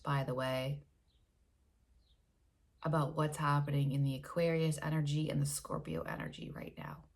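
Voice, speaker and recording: A woman on a casual spiritual vlog reads oracle cards, speaking earnestly and gushingly, drawing out words she wants to savor, laughing softly and at times dropping to a whisper. Her voice is deep and creaky.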